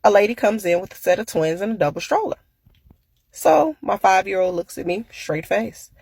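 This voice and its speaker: A woman's voice: mid-range voice, animated, moderate pace, vocal fry, darkish tone, slightly rough, no room sound. A woman, a mother, telling a family story in a dry, matter-of-fact way. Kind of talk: casual storytelling.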